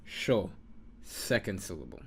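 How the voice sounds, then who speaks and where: A man's voice: deep voice, sing-song, takes it slowly, a little hiss or hum. A man teaching an informal lesson, patiently repeating sounds and muttering to himself while he writes. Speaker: Hebrew teacher.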